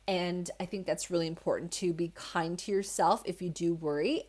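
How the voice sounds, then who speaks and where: A woman hosting a solo spiritual podcast, talking in a reassuring, conversational way with plenty of fillers. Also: fairly low pitch. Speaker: podcast host.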